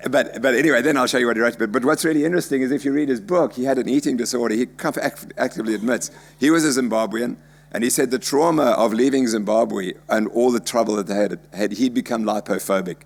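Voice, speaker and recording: A man's voice: medium pitch, fast talker, vocal fry. An older man giving a chatty, anecdotal conference lecture about slides he shows. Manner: chatty, anecdotal, jokey asides.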